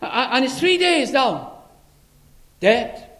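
A man's voice: very high-pitched, sing-song, takes it slowly, a bit bright, pitched above the performer's own voice, heavily acted. A man preaching, voicing a sad, disappointed male disciple in an earnest, mournful first-person retelling.

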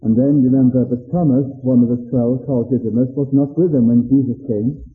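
A man's voice: mid-range voice, fairly even intonation, a little fast. A man preaching a sermon, earnest, reading scripture in old-fashioned wording with wry asides. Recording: tinny phone-like recording in a reverberant hall with faint music.

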